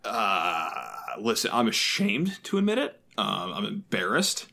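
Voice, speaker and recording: A man's voice: fairly low pitch, sing-song, a little slow, creaky, pushed and bright. A man co-hosting a sports podcast, rambling and self-deprecating, laughing often at himself. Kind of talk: casual sports chat.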